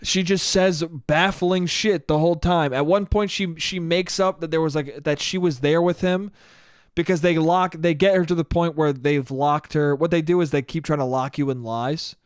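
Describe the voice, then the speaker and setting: A man hosting a solo podcast, retelling a story in a casual, profane and animated way. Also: a little high, normal speed, clean tone, no echo, studio quality. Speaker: podcast host.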